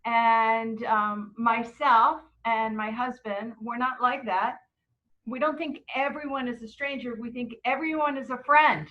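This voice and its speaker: A middle-aged woman leading a book club, telling stories in a relaxed way and acting out the quotes. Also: a little high, measured pace, narrow, tinny audio. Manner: warm anecdotal storytelling with acted quotes. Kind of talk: casual book club talk.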